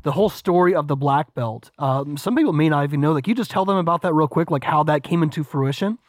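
A man co-hosting a casual chat, eager and quick to prompt questions. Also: fairly high pitch, dry recording, studio quality.

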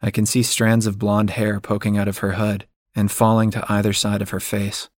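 Quiet, low-voiced male narrator. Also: completely flat delivery, moderate pace, dry recording, clean studio sound. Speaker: audiobook narrator. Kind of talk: first-person story narration.

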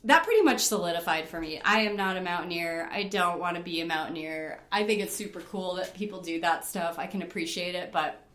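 A middle-aged woman from upstate New York telling stories in a casual interview, animated, laughing often and using lots of fillers. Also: fairly low pitch, fairly quick, hardly any pauses, reverberant, a little hiss or hum. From Rochester, New York. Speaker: interview guest, rock climber.

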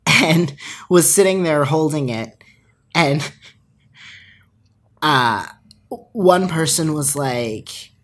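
A woman with a strikingly low, husky voice tells a story on a casual podcast. She is animated and laughs often, slipping into quick voiced-out quotes of other people. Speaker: podcast co-host.

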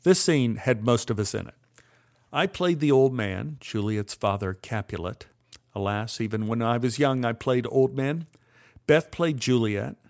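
A man's voice: medium pitch, unhurried, a little mellow. Older guy spinning a funny story from his past, dry wry delivery. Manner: wry, dry humor with acted-out quotes. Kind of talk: personal storytelling monologue.

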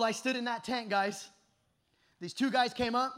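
A man in his thirties preaching an energetic youth sermon at a camp meeting, telling stories that swing from shouting to hushed. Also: sits high, a little slow. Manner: animated storytelling, shifts from shouting to hushed.

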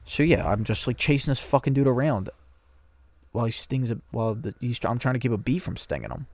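A man co-hosting a podcast tells a meandering story in relaxed chat, swearing often. His voice is medium in pitch, expressive and brisk, with no room sound.

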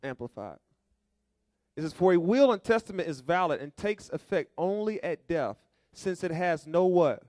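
A pastor delivers his sermon in a folksy, storytelling way. He keeps throwing questions out to the congregation for them to answer. His voice sits a little high for a man and sounds dry, with no room echo. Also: expressive, normal speed, darkish tone. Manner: call-and-response preaching, asking the congregation to fill in words.

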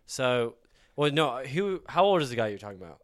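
Halting young man with a smooth voice. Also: mid-range voice, very animated. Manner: halting, filler-heavy. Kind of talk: casual chat.

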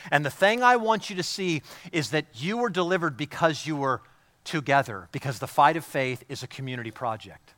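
A man preaching a sermon as pastor, passionate and repeating words, swinging between loud emphasis and hushed, quiet lines. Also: fairly high pitch, no echo.

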